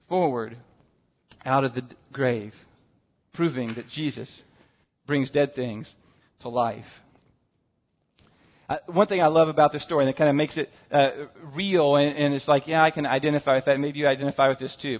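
A male pastor giving a conversational, humorous Easter-style sermon in a church, often checking in with "all right?". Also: a little high. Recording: dull sound with long hall reverb.

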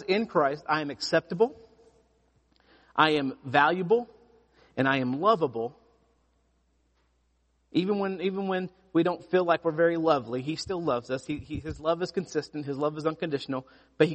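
A pastor preaching a sermon, telling stories with lively emphasis and frequent restarts. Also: male voice, a little high, moderate pace, pauses often, long reverb tail. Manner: animated storytelling with repeated restarts.

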